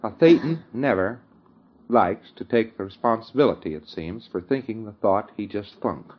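A man's voice: on the low side, expressive, moderate pace, muffled recording, slight background noise. A man giving an informal lecture, often chuckling and checking that his listeners follow him. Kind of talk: conversational lecture.

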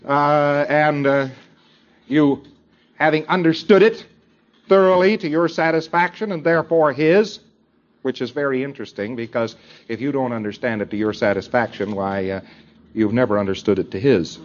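A man lectures to students in a mid-range voice at normal speed, rambling with many fillers and acting out short dialogues. It sounds like a dull, lo-fi tape recording.

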